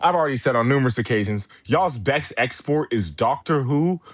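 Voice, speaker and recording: A man's voice: medium pitch, expressive, fairly quick, no echo. A man co-hosting a wrestling podcast, swearing and ranting in a furious, heated way. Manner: furious, foul-mouthed rant with mock British impression. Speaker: podcast co-host. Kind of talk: profane ranting podcast chat.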